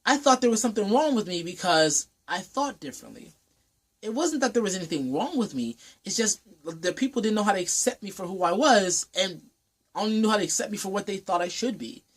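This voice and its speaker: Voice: mid-range voice, lively intonation, brisk, slightly rough. A young adult vlogger giving an earnest personal monologue, often repeating and rephrasing phrases while thinking aloud.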